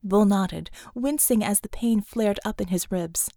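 Audiobook narrator, woman, slow and steady, dry studio sound. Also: medium pitch, no echo. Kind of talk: scripted narration.

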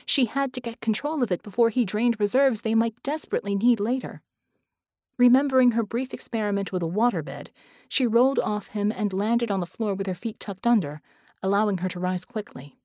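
A female audiobook narrator reads a scripted book in a measured, steady storytelling voice with a mid-range pitch. The recording is dry and clean, with studio sound.

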